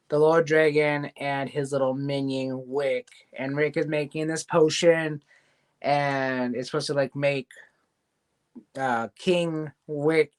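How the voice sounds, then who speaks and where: Brief: male host, higher-pitched, rambling casual episode recap. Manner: rambling recap, loose quoting of scenes. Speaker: show host reviewing a cartoon series. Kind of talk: casual review chat.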